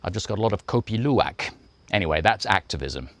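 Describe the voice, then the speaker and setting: A man performs a self-satisfied actor-activist vlogging in a comedic monologue. The voice sits low and the delivery is preachy and rambling. The sound is dry, with no room around it. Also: animated, fast, fairly bright tone, dry recording. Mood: smug.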